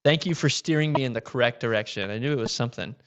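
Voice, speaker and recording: A man's voice: mid-range voice, fast talker, clear, resonant tone, muffled recording. A man co-hosting a casual livestream, joking and reading viewer comments aloud. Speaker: livestream co-host reading chat.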